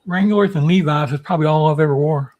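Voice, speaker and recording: A man's voice: a little high, fast, darkish tone. A man joining in casual, joking banter as co-host of a live-streamed talk show. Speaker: podcast co-host.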